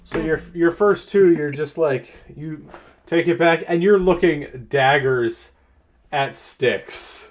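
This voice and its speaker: A man running a tabletop game as game master, narrating in a relaxed, chuckling way. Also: on the high side, slow pace.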